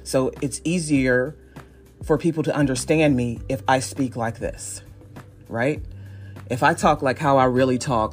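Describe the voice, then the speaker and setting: On her solo podcast, a Northeast Ohio woman in her forties chats casually at a measured pace. She pokes fun at herself and laughs frequently. Her bass voice stays fairly even in intonation, with soft background music underneath.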